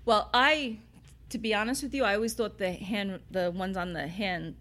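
Sitting in an old bar, this woman from New York City talks at a moderate pace in a mid-range, slightly bright voice with fairly even intonation. She owns a bar and is a relaxed interview guest, wandering through anecdotes full of "like" and "you know," laughing along the way.

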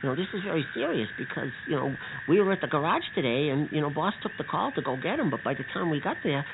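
A man's voice: on the high side, very animated, fast talker, gravelly. A man playing Bucky, an earnest hero who stammers and gets exasperated, heard on a tinny, hissy radio recording. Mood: worried. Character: earnest, take-charge male hero Bucky.

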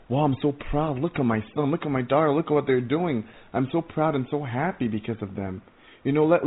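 A man giving an informal testimony sermon, earnest and excitable, rambling with many stammered restarts. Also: medium pitch. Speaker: preacher sharing visions. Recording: tinny phone-like audio.

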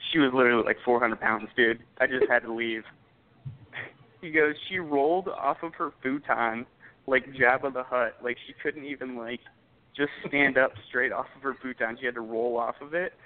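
Young male podcast co-host, loose rambling storyteller, medium pitch, lo-fi phone-like audio. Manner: rambling, lots of "like" and swearing. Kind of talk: casual storytelling chat. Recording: tinny phone-like sound.

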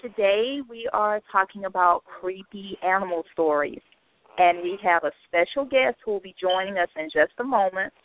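A woman's voice: medium pitch, normal speed. A woman hosting an internet radio show in a friendly, chatty way, laughing easily as she talks with her co-host. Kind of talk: casual internet radio chat. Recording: tinny phone line.

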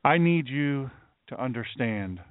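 A man's voice: mid-range voice, animated, unhurried, dry recording. A man hosting a talk radio show, speaking in a solemn, emphatic way and repeating phrases for weight. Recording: dry, narrow phone-like sound.

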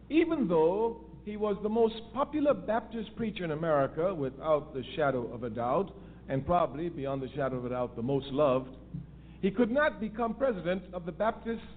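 A man giving an emphatic political lecture, repeating key phrases for stress. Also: high-pitched. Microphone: phone line. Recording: tinny phone-line audio with faint noise.

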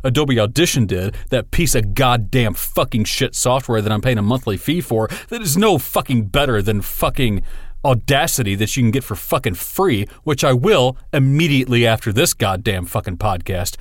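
A man hosting a podcast alone, ranting angrily and swearing nonstop about software that crashed. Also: medium pitch, animated, normal speed, dry recording, clean studio sound. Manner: angry, swearing constantly. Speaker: podcast host. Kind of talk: profane solo podcast rant.

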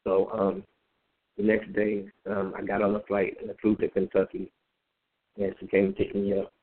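A man telling his personal story in a halting, conversational way, with many fillers and repeated words. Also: lowish voice, vocal fry. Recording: phone-like narrow band.

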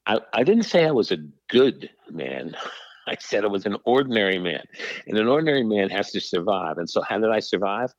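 An older man from New York, a podcast guest telling his life story in conversation, animated and acting out the dialogue. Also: lowish voice, a little fast, dry recording. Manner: animated storyteller, acts out dialogue, frequent restarts. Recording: slightly dull, dry recording.

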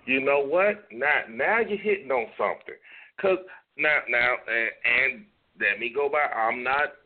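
A man co-hosting a radio show, talking in casual comedic banter. He is animated and profane and often stammers and restarts. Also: medium pitch, a little slow. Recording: lo-fi phone-like sound with faint noise.

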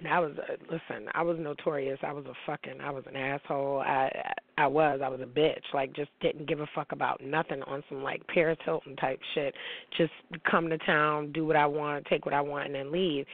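A woman's voice: on the low side, no echo. Woman in her forties, talk host, profane heated rant, tinny narrow sound. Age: 40s. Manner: brash, profane, heated and emphatic. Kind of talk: profane rant on celebrity gossip. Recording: tinny phone-like line, dry.

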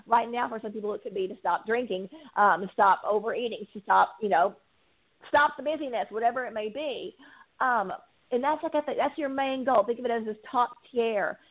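A woman's voice: fairly high pitch, moderate pace. A woman speaking as a recovery coach in an earnest, preaching way, repeating phrases for emphasis. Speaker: guest, addiction recovery coach. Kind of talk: faith-based interview talk. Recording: tinny phone line.

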